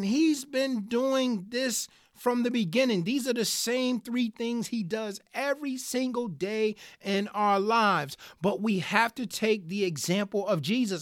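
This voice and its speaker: Excited podcast host teaching scripture. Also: mid-range voice, no echo, clean studio sound. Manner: earnest and excited, talking straight to listeners as "guys"; reads scripture aloud in King James wording, then explains it. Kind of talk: Bible study podcast talk.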